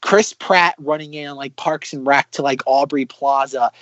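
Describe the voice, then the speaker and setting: A man co-hosting a casual podcast, rambling with many fillers and breaking into animated impressions as he critiques sketches. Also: medium pitch, normal speed, no echo, lo-fi sound. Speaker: podcast co-host.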